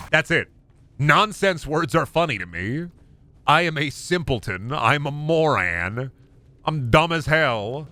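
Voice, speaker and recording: Young male streamer, goofy riffing commentary, bright and swooping delivery. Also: mid-range voice, slight background noise. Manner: goofy, animated, jumps into bits and voices. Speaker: gaming streamer. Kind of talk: casual live-stream commentary.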